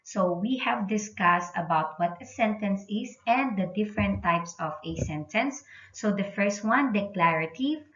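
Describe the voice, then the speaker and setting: A woman's voice: medium pitch, expressive, a little slow, few pauses, a bit bright, a little hiss or hum. A woman teaching an English grammar lesson, explaining patiently and repeating the key points. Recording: dull roomy recording.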